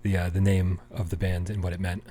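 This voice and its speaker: A man co-hosting a casual podcast chat, excitable and laughing often, tripping over his own restarts. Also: sits low, a little fast. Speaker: podcast co-host.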